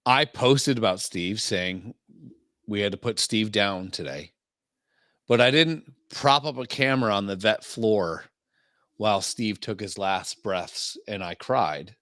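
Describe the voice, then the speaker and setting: Podcast guy, lowish voice, blunt and crude, dry close mic. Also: a little slow, fairly bright tone, dry recording. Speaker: podcast co-host. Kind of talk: casual podcast chat.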